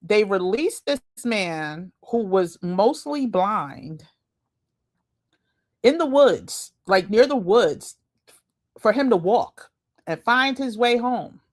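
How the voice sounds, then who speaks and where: Lady host reacting to clips, chatty and slangy, talks slow. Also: mid-range voice, expressive. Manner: chatty, laughing asides, slangy. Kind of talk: casual commentary reacting to videos.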